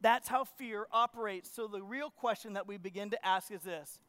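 Male pastor, high tenor, animated storyteller who preaches straight to his congregation. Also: moderate pace, clean tone. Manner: animated storytelling, acts out his own panic; asks the congregation questions. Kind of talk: sermon. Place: church.

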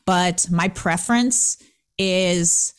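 A woman hosting a casual motivational talk, lively and laughing often as she acts out what people said. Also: fairly low pitch, drawn-out words, smooth. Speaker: host.

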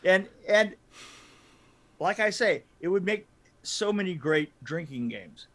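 A man co-hosting a casual movie review chat, talking in halting restarts and laughing often. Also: high voice, expressive, a bit bright. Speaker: podcast co-host.

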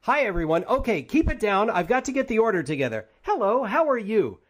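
A man's voice: high voice, big pitch swings, brisk, voice pushed up. A man voicing a cheerful, overly polite male robot.

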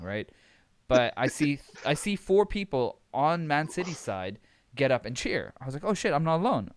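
A young man from Abu Dhabi telling a story in casual chat, swearing freely and often laughing as he talks. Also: mid-range voice. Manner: animated, swearing, laughs while telling stories.

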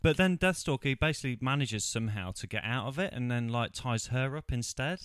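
A man's voice: medium pitch, expressive, brisk, a bit bright, clear, resonant tone, no room sound, clean studio sound. A man co-hosting a casual film review, recounting the plot with mocking asides and frequent laughter. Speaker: podcast co-host.

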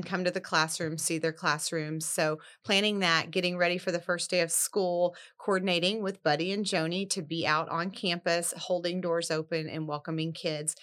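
A woman's voice: fairly low pitch, a bit bright. A woman, an elementary school principal, explaining plans steadily in a casual interview.

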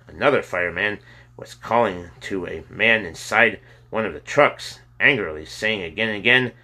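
A man reading a children's novel aloud with steady storytelling. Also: fairly low pitch, moderate pace. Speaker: audiobook narrator.

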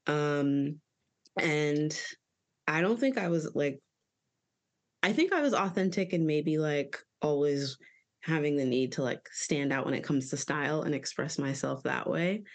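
A woman's voice: low-pitched, animated, a little slow. A woman in her thirties joins a casual podcast as a guest. She talks in a chatty, rambling way and fills her sentences with "like.". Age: 30s. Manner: chatty, rambling, often says "like".

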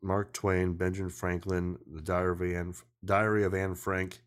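A man's voice: low voice, little pitch movement, moderate pace. A man hosting a podcast over a video call, rambling casually, swearing often and cutting himself off mid-sentence. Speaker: podcast host.

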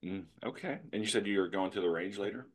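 Deep-voiced joking male podcast host. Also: fairly quick. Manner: jokey, rambling storyteller. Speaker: podcast host, animal control officer. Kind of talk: casual podcast chat.

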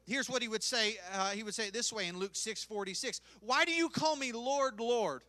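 Guy pastor preaching a sermon, really high bright voice, dry close mic, gets loud and emphatic. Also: no echo. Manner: emphatic preaching that swells in volume; acts out quoted prayers and speech.

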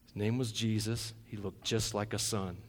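A middle-aged man preaching a sermon, animated, swinging from shouting to hushed, quiet passages. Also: fairly low pitch, moderate pace. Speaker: pastor.

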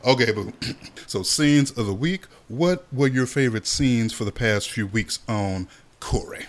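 A man co-hosting a podcast, chatting casually about a soap opera, animated and swearing freely as he acts out the characters' lines. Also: mid-range voice, measured pace. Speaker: podcast co-host.

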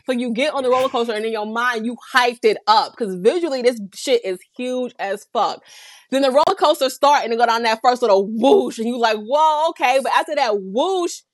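A woman's voice: fairly high pitch, expressive, brisk, no room sound. A young woman in casual chat, telling a vivid, profane story about her year.

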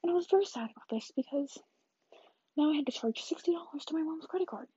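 A woman's voice: high voice, animated, quick pace, warm tone, no echo, highs cut off. An eighteen-year-old woman chatting through a rambling vlog story, often dropping into whispered asides. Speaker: vlogger.

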